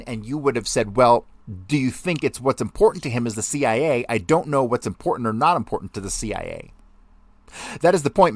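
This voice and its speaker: A male podcast host reading a testimony transcript aloud, with the questions louder and higher than the answers. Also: no echo.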